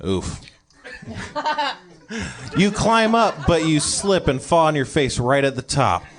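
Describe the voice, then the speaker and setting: A man's voice: on the high side, animated, slow pace, crowd noise. A man running a tabletop game as game master, with a laid-back, dry manner.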